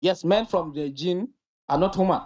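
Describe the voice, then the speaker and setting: A man calling in to a debate show, insistent and arguing back, reading verses slowly. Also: high voice, a little mellow. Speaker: caller. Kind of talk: call-in debate. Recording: dull phone line.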